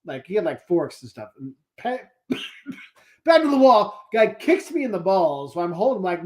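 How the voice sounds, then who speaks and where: A man's voice: sits high, sing-song, moderate pace. A man from the United States hosting a casual live travel chat, talking easily and telling anecdotes. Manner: easygoing, chatty, tells anecdotes. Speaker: host of a travel show.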